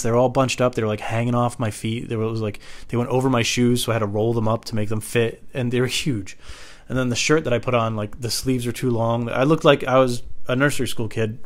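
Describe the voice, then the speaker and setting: Man, mid-pitched, loose rambling storyteller, slips into other people's voices; casual anecdote host. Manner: rambling, animated, acts out quoted voices.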